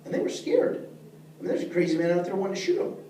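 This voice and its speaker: Warm in tone and very animated, the middle-aged man's high voice moves at a quick pace as he teaches leadership. He addresses his class directly in an earnest, plain-spoken way; the distant mic picks up room echo and faint noise.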